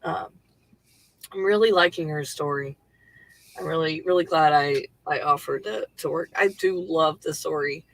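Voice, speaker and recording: A woman hosts a casual livestream from her home computer setup on a headset; she's a livestream host and writer. She rambles loosely, with many fillers and casual swearing, in a low voice with vocal fry at normal speed, recorded dry on poor audio.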